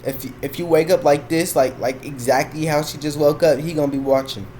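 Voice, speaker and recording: A young adult man hosting a reaction video, loud and animated, breaking into yelps and slang as he comments. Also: on the high side, brisk, a little hiss or hum.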